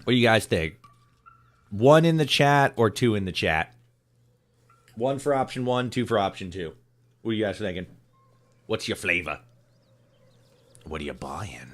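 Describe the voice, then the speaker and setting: A man streaming a video game, chatting casually with his viewers in a relaxed way, swearing and repeating himself. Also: fairly low pitch, moderate pace, long pauses. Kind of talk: casual chat with viewers while gaming.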